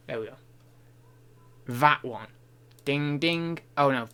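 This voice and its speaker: A young man chats on a live stream at his desk mic. His voice is bright and forceful. He reads messages aloud, pokes fun at himself and hums idly between comments. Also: a little high, a little slow, long pauses, slight background noise. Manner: chatty, self-mocking, reads chat aloud and hums to himself. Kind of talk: casual live-stream chat.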